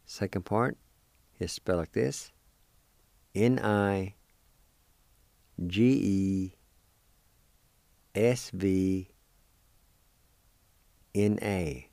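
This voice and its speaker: A man with a low, mellow voice works through a radio language lesson, spelling each word out one letter at a time. He speaks in an unhurried, deliberate way and encourages his listeners. The sound is dry, with no room around it. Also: no room sound. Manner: encouraging and patient.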